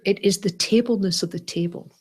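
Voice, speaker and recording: A woman teaching a Buddhist class, playful and animated, often checking in with "right?" and "yes?". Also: mid-range voice, fairly quick, slightly rough.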